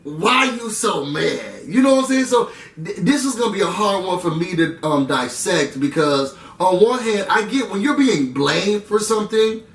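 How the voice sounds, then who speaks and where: A man chatting through a casual TV recap, animated and slangy, full of asides to his viewers. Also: high-pitched, moderate pace, recorded from a distance. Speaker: reality TV recap vlogger. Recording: roomy room sound, away from the mic.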